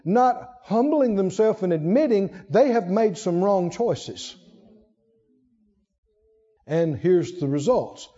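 A man preaching in a high, mellow voice that leaps and drops all over. He throws high emphatic bursts at the congregation and then sinks into quiet asides. The sound is dull and lo-fi, with a long reverb trailing off the walls. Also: animated, takes it slowly. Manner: acts out quoted prayers and God's words in raised voice. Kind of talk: sermon.

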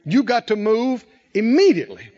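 A man preaching a sermon, drawing the congregation in with questions and emphatic, drawn-out phrases. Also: high voice, huge pitch swings, warm tone, lo-fi sound. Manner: call-and-response preaching, rising and falling emphasis, drawn-out phrases.

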